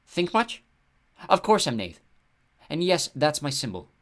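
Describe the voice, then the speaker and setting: A man's voice: a little high, big pitch swings, unhurried, fairly bright tone, pitched above the performer's own voice. A man voicing a haughty, paranoid female huntress goddess who speaks scornfully and bluntly. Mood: indignant.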